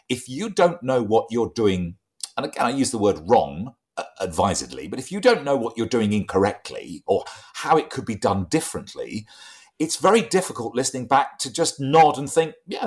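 A man, a voice trainer, explaining his craft in a conversational podcast interview with lively, emphatic delivery. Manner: lively, emphatic explaining with wide pitch swings.

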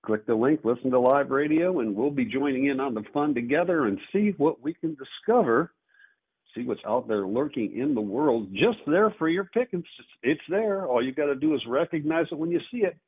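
A man hosting a call-in radio show as an auctioneer, with brisk, salesy patter. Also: lively intonation. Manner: salesy, rapid pitch with repeated phone number. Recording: husky voice over a tinny phone-like radio line.

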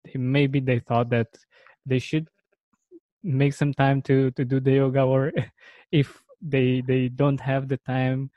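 A man's voice: mid-range voice, level tone, slow pace, no room sound, dull audio. A man hosting a podcast, responding in a casual interview and restarting his words while he forms his thoughts. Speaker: podcast host.

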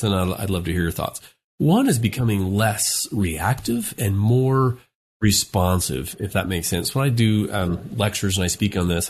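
Husky earnest man giving relationship advice. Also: on the low side. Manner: earnest, advice-giving, acts out quoted lines. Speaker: podcast co-host, relationship expert. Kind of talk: casual podcast discussion.

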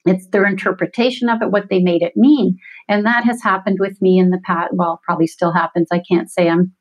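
A woman's voice: lowish voice, fairly even intonation, a little fast, lo-fi sound. A middle-aged woman, a coach and podcast guest, explaining in an earnest, self-reflective way. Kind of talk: conversational interview.

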